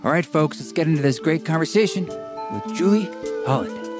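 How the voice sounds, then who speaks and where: A man from Oregon hosting a podcast, talking in a relaxed, rambling way with fillers, a bit out of breath. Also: fairly high pitch, fairly quick, music in the background. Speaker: podcast host. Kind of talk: casual podcast intro and interview. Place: tiny house studio.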